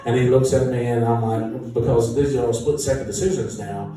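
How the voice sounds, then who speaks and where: A band musician telling an animated, self-mocking story with frequent laughter. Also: male voice, medium pitch, normal speed. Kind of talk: casual anecdote storytelling. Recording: echoey room, distant mic, noisy.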